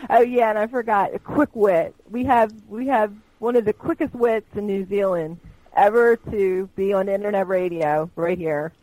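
A woman's voice: mid-range voice, measured pace, mellow, no room sound, poor audio. A woman hosting a live internet talk radio show, chatty and gushing, laughing often between remarks.

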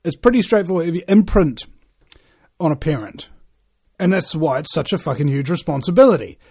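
Profane ranting man, lively pitch. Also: brisk, slightly rough. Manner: profane, ranting, rhetorical questions. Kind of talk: rambling monologue.

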